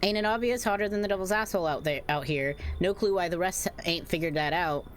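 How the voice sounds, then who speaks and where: A woman voicing a gruff, crude man just out of prison, speaking with a put-on Southern drawl. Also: lowish voice, fast talker, slight background noise, lightly acted. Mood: scornful. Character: rough drifter man, just released, gruff.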